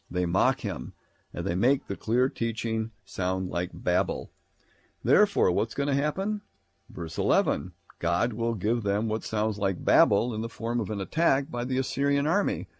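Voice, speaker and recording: A man's voice: medium pitch, darkish tone, husky, dry recording. An older man giving an academic Bible lecture. He reads passages aloud and explains them, sometimes mimicking a sarcastic tone in quoted lines. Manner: reads scripture aloud, then explains it plainly.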